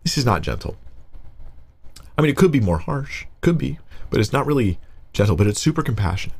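A man, a pastor, explaining a Bible passage in a casual, conversational way, reading verses aloud and getting animated when he paraphrases. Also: mid-range voice, fairly quick, gravelly, husky.

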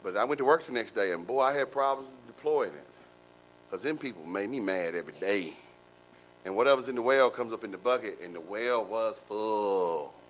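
A man preaching a sermon in a folksy, animated way, with colloquial asides to the congregation. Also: medium pitch, a little fast, slight background noise, poor audio. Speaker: pastor.

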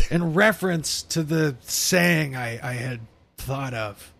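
A man's voice: a little high, lively intonation, slow pace, creaky, a bit bright. A young man co-hosting a podcast, joking crudely, swearing and laughing often. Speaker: podcast co-host. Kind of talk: casual crude banter.

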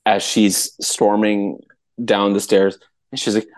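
Speaking at a moderate clip, this man co-hosts a podcast and spins a story in a loose, lively manner. Frequent laughter breaks in, and his quotes of other people come out in a high-pitched voice.

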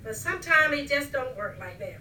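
A woman's voice: high voice, very animated, pushed and bright, a little hiss or hum. An older woman, a mother and grandmother, telling family stories in a casual chat. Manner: slow, storytelling, laughing as she recalls. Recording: echoey room, mic at a distance.

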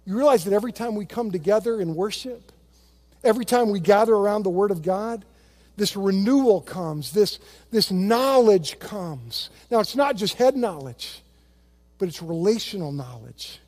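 A man preaching a sermon as pastor, telling stories with many restarts and quick impressions of other people. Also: high-pitched. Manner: animated storytelling with repeated restarts; imitates other voices in quotes.

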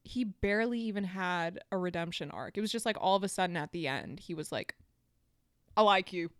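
Young woman podcast co-host, animated and chatty, close dry mic, lively pitch. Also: fast talker, dry recording. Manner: animated, chatty, many fillers and restarts. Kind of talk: casual chat.

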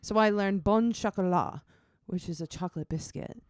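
A woman's voice: medium pitch, moderate pace, dry recording. An American woman in casual chat, telling a travel story with lots of "like" and acted-out quotes. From United States. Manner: animated storyteller, acts out quoted voices, says "like" often.

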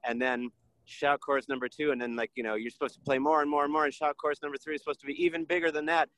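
A man's voice: fairly high pitch, level tone, racing, fairly bright tone, no room sound, poor audio. A thoughtful man speaking dry and close. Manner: thoughtful, rambling, many you-knows. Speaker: pianist recalling a band. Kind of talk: casual storytelling.

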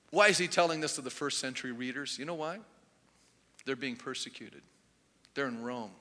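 Male pastor, animated storyteller, forceful bright tone, long hall reverb. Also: mid-range voice. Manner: animated storytelling, acting out quoted voices. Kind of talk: sermon.

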